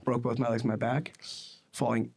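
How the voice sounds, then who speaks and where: A man's voice: mid-range voice, moderate pace, vocal fry, slightly rough. Chatty young man rambling on a podcast. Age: 20s. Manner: rambling and animated, with many fillers like "you know what I mean". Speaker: podcast host. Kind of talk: casual podcast chat.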